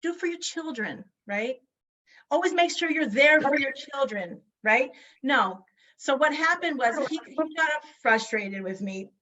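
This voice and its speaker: A woman's voice: high-pitched, animated, a little slow, pushed and bright, lo-fi sound. A woman in her forties giving a motivational talk over a video call, emphatic and full of rhetorical questions. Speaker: guest speaker.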